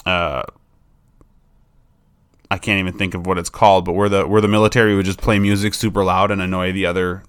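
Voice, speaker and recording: A man, a dog trainer, giving casual advice in a chatty way, with many fillers and restarts and lively acted-out quotes. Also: low voice, fairly quick, long pauses, smooth, dry recording. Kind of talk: casual advice talk to camera.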